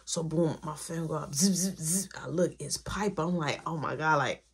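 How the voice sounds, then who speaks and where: A woman telling a personal story in a storytime vlog, animated and acting out every voice. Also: sits low, normal speed, breathy edge.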